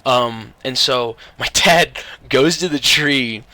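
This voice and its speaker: A man's voice: medium pitch, slow, hardly any pauses, bright, forceful tone, dry recording. A young man telling a story in a casual, rambling way, swearing and restarting often. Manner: rambling, profane, many restarts and fillers.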